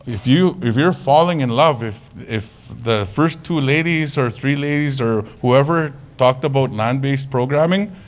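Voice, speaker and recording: A man presenting at a conference, talking casually, with jokes and lively storytelling. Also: medium pitch. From Canada. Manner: casual, joking, animated storytelling. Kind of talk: conference talk.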